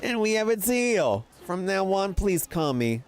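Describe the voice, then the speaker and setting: A man voicing a shady, smooth-talking middle-aged trader with a put-on New York Italian accent and wheedling salesman patter. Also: high-pitched, big pitch swings, measured pace, slight background noise, voice pushed up, exaggerated voice. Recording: game music playing behind.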